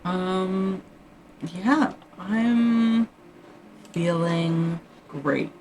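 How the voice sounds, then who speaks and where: Her words drawn out, a woman with a lowish, slightly mellow voice livestreams a writing session, thinking aloud and muttering to viewers. Faint music plays behind her, and the poor audio carries slight background noise.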